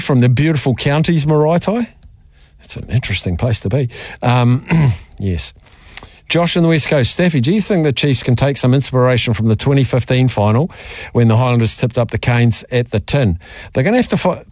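A man's voice: medium pitch, a little mellow, no echo. Bantering New radio host, man. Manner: bantering, reads out listener texts. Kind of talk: sports radio talk. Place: radio studio.

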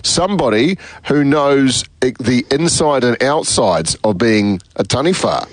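A man's voice: mid-range voice, animated, a little slow, no echo. A man with a New Zealand accent hosting a sports radio show in a studio, upbeat and chatty. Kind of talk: casual radio chat. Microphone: studio mic.

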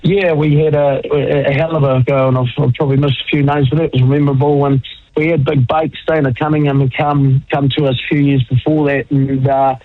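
A man's voice: medium pitch, flat delivery, brisk, no room sound. A man chatting casually as a guest, laid-back and rambling. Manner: laid-back, rambling, says mate a lot. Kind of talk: casual chat. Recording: muffled lo-fi audio.

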